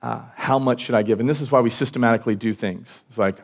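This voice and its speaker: A pastor delivering a sermon at a church service, talking informally with many restarts and fillers. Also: male voice, medium pitch, fast, vocal fry, hardly any pauses.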